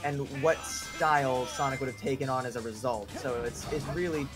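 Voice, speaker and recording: A man's voice: mid-range voice, moderate pace. A young man chatting casually while racing through a video game, often trailing off and restarting his sentences. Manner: hesitant, many fillers and restarts. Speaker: gamer playing a speedrun race. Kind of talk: casual gaming chat. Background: game music.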